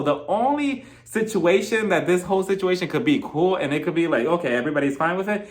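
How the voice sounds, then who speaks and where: A man's voice: sits high, animated, fast. Chatty man recapping reality TV. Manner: chatty, laughs often, acts out quotes. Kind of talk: casual solo commentary.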